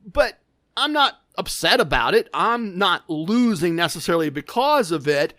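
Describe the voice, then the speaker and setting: A man hosting a podcast, telling stories in a casual, animated, self-deprecating way. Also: high voice, moderate pace, no room sound. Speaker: podcast host. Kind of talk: casual storytelling.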